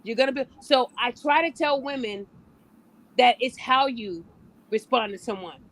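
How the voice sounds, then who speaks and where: A woman's voice: a little high, normal speed. A woman hosting a podcast and coaching relationships, talking bluntly and casually, often acting out the people she quotes. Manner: blunt, animated, acts out quoted voices.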